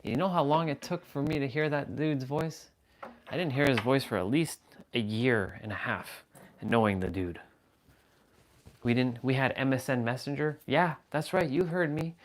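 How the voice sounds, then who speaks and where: A man's voice: medium pitch, moderate pace, a little hiss or hum. A man hosting a live stream, rambling casually and playfully as he chats with his viewers. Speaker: livestream host.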